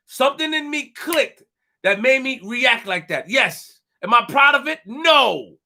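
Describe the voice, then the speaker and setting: Guy ranting on his live stream, super high voice, keeps repeating himself and talking to chat. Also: bright, forceful tone. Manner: emphatic, repeats phrases, talks to chat. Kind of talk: animated live stream commentary.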